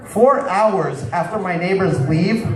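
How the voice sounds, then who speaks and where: Telling crude stories slowly in a high, expressive voice, a male comic performs stand-up in a bar with a live audience and shouts out to people in the crowd. The sound is roomy and distant, with audience noise throughout.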